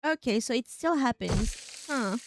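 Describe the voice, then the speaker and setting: A woman's voice: a little high, expressive, a little slow, a little hiss or hum. A woman streamer casually talking through a story game, thinking aloud about which choices to make. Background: game music.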